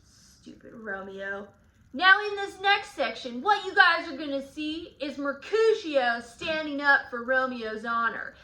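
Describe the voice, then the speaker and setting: A woman's voice: high voice, lively intonation, unhurried, sharp tone, heavily acted. A woman in character as Tybalt, giving a guided study lesson in slangy, sarcastic paraphrase. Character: brash young male swordsman Tybalt, cocky and touchy. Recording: echoey room.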